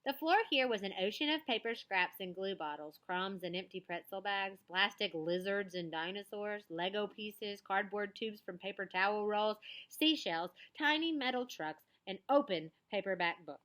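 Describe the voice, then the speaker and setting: Brief: woman storybook reader, lively read-aloud, crisp bright tone. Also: medium pitch, normal speed. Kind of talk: children's book read-aloud with picture commentary.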